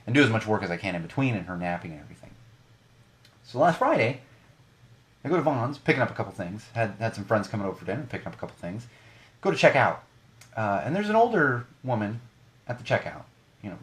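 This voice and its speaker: Animated ranting man, lively pitch. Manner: animated, ranting, many restarts. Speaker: podcast co-host. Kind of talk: casual podcast monologue.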